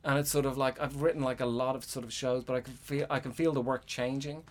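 A middle-aged Irish playwright, a guest with a medium-pitched, fairly even voice, speaks fast in a loose, casual conversation. He rambles with many fillers and restarts and swears frequently.

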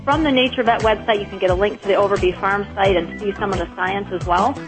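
A woman's voice: medium pitch, fast talker, music in the background, poor audio. A woman guest on a radio interview, explaining her pet supplement in an upbeat, informative way.

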